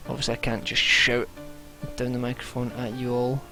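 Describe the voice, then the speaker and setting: A young man chats and mutters through his gameplay with a gravelly, creaky edge to his voice. Game music plays loudly underneath him the whole time, and he sounds like he is sitting in his bedroom at home. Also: mid-range voice, completely flat delivery, moderate pace. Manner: chatty, mutters to himself while playing. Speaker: let's play gamer. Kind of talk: casual gameplay commentary. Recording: game music loud behind.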